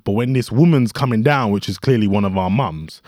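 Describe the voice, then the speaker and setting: A man's voice: fairly low pitch, fairly quick, dry recording, clean studio sound. A young man, telling a story in casual chat with friends, full of slang and laughter. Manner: animated, slangy, acts out quotes with laughter.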